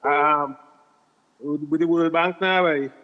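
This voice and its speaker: A man's voice: fairly high pitch, fairly even intonation, takes it slowly. Casual Trinidadian male caller, hesitant, echoey muffled phone. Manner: casual, hesitant, says boy a lot. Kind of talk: phone-in chat. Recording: dull phone line with reverb.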